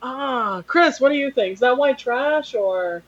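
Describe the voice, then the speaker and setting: Teasing woman with a lively voice. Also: high-pitched, a little slow, no echo. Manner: teasing, laughs often. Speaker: podcast guest. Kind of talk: casual podcast banter. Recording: slightly dull sound.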